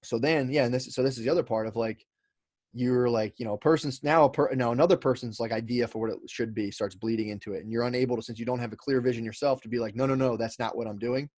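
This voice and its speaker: A man's voice: medium pitch, fast talker, darkish tone, no echo. A man telling a long story as a podcast guest, rambling with lots of fillers, restarts and swearing. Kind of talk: casual storytelling chat.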